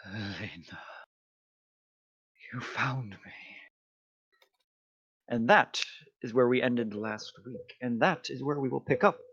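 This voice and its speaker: A man's voice: medium pitch, normal speed, fairly bright tone, no echo. A man narrating as game master of a tabletop game, describing scenes unhurriedly. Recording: dull lo-fi mic.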